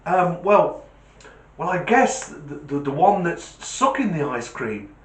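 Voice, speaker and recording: A man's voice: a little high, sing-song, slow pace, pitched above the performer's own voice. A man doing a patient schoolteacher lady. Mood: flustered. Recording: roomy echo.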